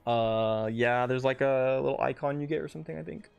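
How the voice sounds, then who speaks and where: A young man with a mid-range voice, both gravelly and smooth, talks briskly while live-streaming a game. Between rounds he chats casually and answers viewers' questions with lots of fillers. The audio is dull, with faint music behind.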